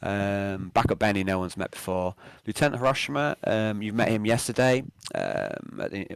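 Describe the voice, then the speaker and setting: A man narrating a tabletop role-playing game as game master, halting often with fillers and restarts. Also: lowish voice, big pitch swings, gravelly, clear, resonant tone.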